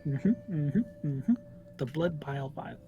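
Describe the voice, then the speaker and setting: A man's voice: on the high side, measured pace, lo-fi sound, soft background music. Man narrating a tabletop game. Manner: relaxed, descriptive, reads out rules. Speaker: dungeon master.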